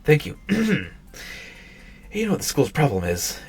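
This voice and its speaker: A man's voice: a little high, huge pitch swings, unhurried, creaky, darkish tone, breathy edge, pitched above the performer's own voice, heavily acted. A man reading aloud in a raised, drawling voice as a lazy, sly schoolgirl who leads the club. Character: lazy, scheming older schoolgirl, president.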